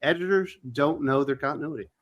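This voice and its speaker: Male live host, high-pitched, brisk; reads chat comments aloud. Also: dull audio. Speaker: host reading viewer comments. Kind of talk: live show hosting.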